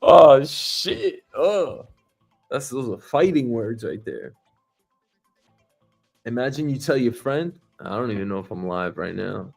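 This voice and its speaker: A man's voice: mid-range voice, sing-song, slow pace, vocal fry, long pauses, faint music behind. A man hosting his own livestream, ranting casually with lots of swearing and mocking laughs. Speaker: livestream host.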